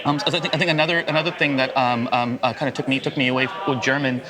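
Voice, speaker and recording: Excitable guy host rambling w lots of ums, talks fast, crowd noise behind. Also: mid-range voice. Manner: rambling with many fillers and restarts; excitable, enthusiastic. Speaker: podcast host. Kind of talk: casual interview chat.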